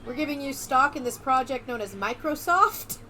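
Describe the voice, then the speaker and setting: A young woman giving casual, sarcastic gameplay commentary, excitable and swearing freely. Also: sits high, moderate pace, slight background noise. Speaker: let's play streamer.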